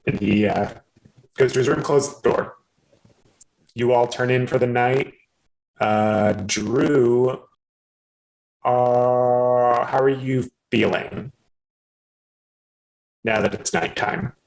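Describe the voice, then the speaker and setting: A male game master narrating a tabletop game at an unhurried pace. His pitch sits in the middle range. He halts often and fills the gaps with pauses. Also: fairly even intonation, gravelly, a little mellow, low-quality recording. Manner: halting, lots of ums and uhs.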